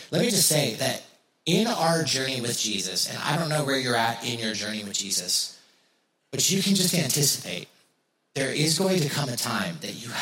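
Male pastor, sermon, bright forceful voice, echoey room, repeats phrases. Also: mid-range voice. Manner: conversational, repeats phrases for emphasis.

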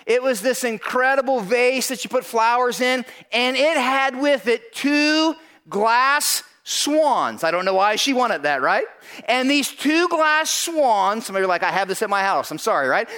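A man telling a personal story to an audience, animated and acting out the voices of the people in it, often checking in with "right?". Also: very high voice, a little slow, clean tone.

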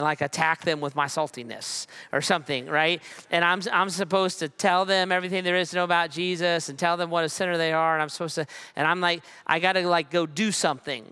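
Smooth, bright-voiced male pastor. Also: fairly high pitch. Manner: conversational and relaxed, with repeated phrases and slow emphatic pauses. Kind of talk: sermon. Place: church.

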